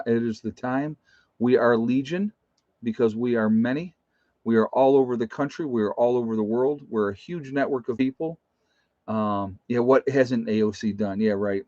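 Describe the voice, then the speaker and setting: A man's voice: mid-range voice, normal speed, no room sound, highs cut off. A man hosting a casual livestream, reading out viewer comments and chuckling often. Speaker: livestream host.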